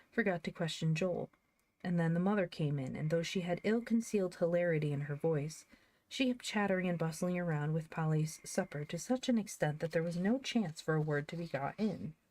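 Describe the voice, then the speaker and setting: A woman narrating an audiobook of a children's classic in a lively, expressive reading. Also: sits low. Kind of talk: scripted storybook reading.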